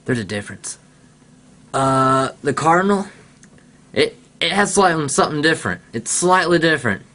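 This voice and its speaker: A man's voice: fairly high pitch, animated, normal speed, bright, forceful tone. A man, a pastor, chatting casually over a video call, rambling and breaking into squawking bird imitations.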